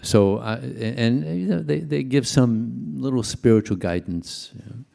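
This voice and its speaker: Speaking to a congregation at a temple, this older man tells stories in a chatty, chuckling, conversational way as part of a devotional talk. His medium-pitched voice is animated but unhurried, creaky and dark in tone.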